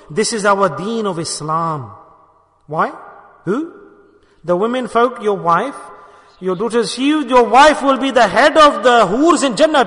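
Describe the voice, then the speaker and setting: A man preaches a sermon in a high, bright voice. He scolds and teases his listeners and acts out their replies. His voice rings with the long reverb of a hall. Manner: animated, mimicking, scolding.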